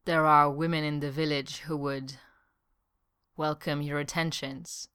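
Woman voicing a brooding man, hoarse, slow, subdued, quiet, very low pitch. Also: fairly even intonation. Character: adult man, quiet and brooding, wounded soldier.

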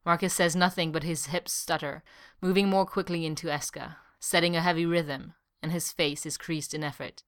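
Low-voiced woman narrating softly. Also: steady tone, moderate pace, hardly any pauses. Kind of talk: scripted narration of a story.

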